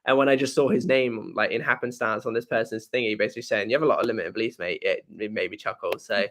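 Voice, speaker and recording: A man's voice: fairly low pitch, fast, slight background noise. A man hosting a live question-and-answer stream in a casual, rambling way, often correcting himself and laughing.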